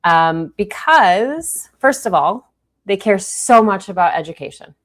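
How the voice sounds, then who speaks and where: A woman from Minnesota with a Minnesotan accent, co-hosting a live political talk show in a chatty, animated way. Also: mid-range voice. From Minnesota, USA. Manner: chatty, animated, quick asides. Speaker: co-host.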